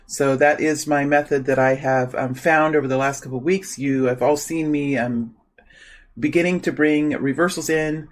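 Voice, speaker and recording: Soft-spoken man reading tarot cards. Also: a little high, steady tone, moderate pace, poor audio. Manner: soft-spoken, repeats invocations while shuffling. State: morning voice. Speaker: tarot reader.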